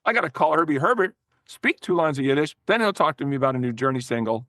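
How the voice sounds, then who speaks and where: Older male guest, rather high voice, dry close sound; loud, swearing storyteller who restarts sentences. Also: fast talker, no room sound. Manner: animated, profane, frequent restarts. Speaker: guest, former record promoter. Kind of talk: casual storytelling in a podcast interview.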